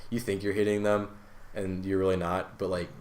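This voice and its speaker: A young man hosting a casual podcast, telling stories with a lot of laughter and sudden loud outbursts. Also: low voice, little pitch movement, moderate pace. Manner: laughing storyteller, bursts into loud voices. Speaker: podcast host. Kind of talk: casual group chat.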